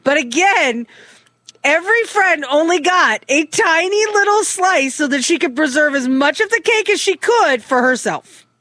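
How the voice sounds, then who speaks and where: A middle-aged woman co-hosting a casual talk show, telling a family story with animated swearing. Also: extremely high pitch, moderate pace, no room sound. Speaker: co-host. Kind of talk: casual chat.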